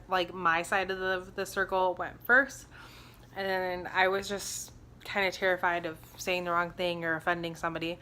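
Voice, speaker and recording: A young woman vlogger candidly telling a personal story in casual speech, halting, with many fillers and restarts. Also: fairly low pitch, pushed and bright, slight background noise.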